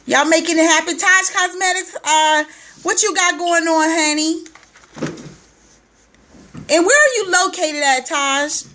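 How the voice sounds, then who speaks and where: Bright, chatty woman live-streaming. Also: extremely high pitch, a little hiss or hum. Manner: chatty, greets viewers by name, drawn-out sing-song greetings. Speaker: livestream host and weight-loss coach. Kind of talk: casual live-stream chat.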